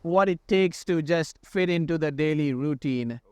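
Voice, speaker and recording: A young man from India speaks with an Indian English accent that he has softened toward American. His voice is smooth and clear and sits a bit high, and the sound is dry and close. He explains things carefully and earnestly in a relaxed podcast conversation. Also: normal speed, no echo. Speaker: podcast co-host.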